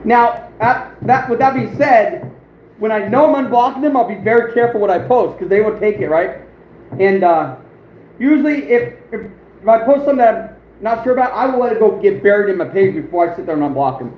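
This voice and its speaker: High-voiced man rambling on a livestream. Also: animated, brisk. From United States. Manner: rambling, boastful, chuckles often. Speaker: outdoors channel host, livestreaming. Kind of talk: casual livestream chat. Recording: roomy, dull lo-fi sound with faint noise.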